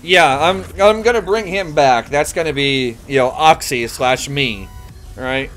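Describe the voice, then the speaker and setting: A man's voice: mid-range voice, a little slow, fairly bright tone. A man casually chatting on a live game stream, rambling, correcting himself and laughing easily.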